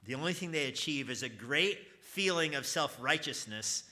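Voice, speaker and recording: A man's voice: medium pitch, animated, normal speed, few pauses, sharp tone. A man teaching an evangelism class at church, talking conversationally, quizzing his students and stressing key points earnestly.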